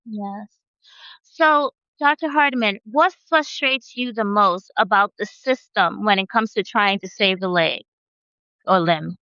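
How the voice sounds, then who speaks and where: A woman's voice: mid-range voice, unhurried, bright, forceful tone, smooth, no room sound. A woman hosting a podcast, attentive as she puts interview questions to her guest and answers with brief affirmations. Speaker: podcast host. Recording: slightly muffled, dry.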